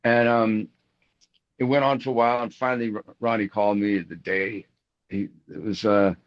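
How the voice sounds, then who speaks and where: A middle-aged man talks about his career as a rock guitarist in a casual interview, rambling through stories with many restarts and fillers and animatedly acting out the voices of people he quotes. His voice is on the low side at a moderate pace, and the lo-fi audio sounds dull.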